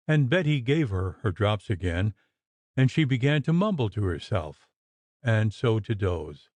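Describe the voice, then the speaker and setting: A man narrating a gothic audiobook in a measured, expressive storytelling manner. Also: lowish voice, no room sound.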